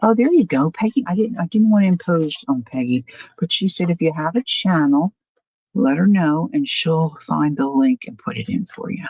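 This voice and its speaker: On a live stream, a woman takes her time with a crafting project, musing aloud and asking her viewers questions in a chatty, casual demo. Her low, slightly mellow voice has a breathy, faintly husky edge and a moderate pace. She sits close to a dry mic with no echo, though the audio quality is poor.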